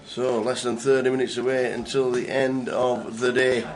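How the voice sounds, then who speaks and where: A man co-hosting a live stream in a playful, jokey way. His voice is mid-pitched, and his talk is loose, casual banter. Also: flat delivery, moderate pace. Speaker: co-commentator.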